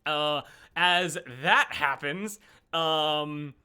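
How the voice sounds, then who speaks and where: A man's voice: a little high, very slow, bright, forceful tone, clean tone. A young man running a tabletop game as game master, narrating animatedly with lots of "uh" fillers and restarts.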